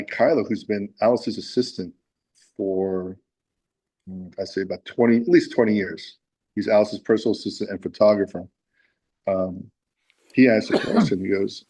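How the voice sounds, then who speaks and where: Male musician guest, lowish voice, rambling animated storyteller with many fillers. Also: moderate pace, breathy edge, low-quality recording. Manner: animated storyteller, acts out quotes with lots of fillers. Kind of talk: casual storytelling interview.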